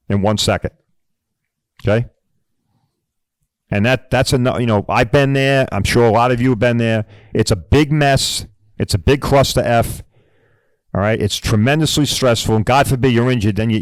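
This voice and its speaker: A man's voice: medium pitch, no echo, low-quality recording. A middle-aged man hosting a podcast, ranting bluntly and profanely and hammering his points home with repeated "all right?"s. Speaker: podcast host.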